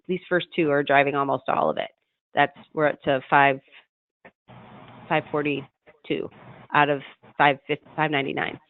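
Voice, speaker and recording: A man with a somewhat high voice explains marketing data to a client over a call. His talk is loose and explanatory, full of fillers and self-corrections. The sound is tinny and phone-like, dry with no room echo. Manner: explanatory, many fillers and restarts. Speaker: marketing consultant. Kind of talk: business consultation call. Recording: tinny phone-line audio.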